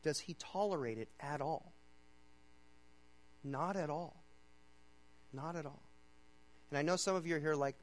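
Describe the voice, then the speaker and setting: Man preaching a conversational sermon, slightly high voice. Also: normal speed, pauses often, rough recording. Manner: conversational, checks in with "okay?" and "right?"; swings from loud emphatic reading to low quiet urging. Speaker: pastor.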